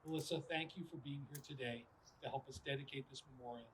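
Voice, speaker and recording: A man delivering solemn, measured prepared remarks at a memorial dedication. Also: mid-range voice, fairly even intonation, heavy background noise. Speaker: official giving dedication remarks. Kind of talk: formal prepared speech.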